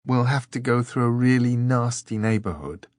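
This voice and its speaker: A man's voice: medium pitch, a little mellow, no room sound, clean studio sound, pitched above the performer's own voice, natural voice. A man voicing a thin, nervous young girl who talks earnestly and warily. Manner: earnest, wary, quick to take offence.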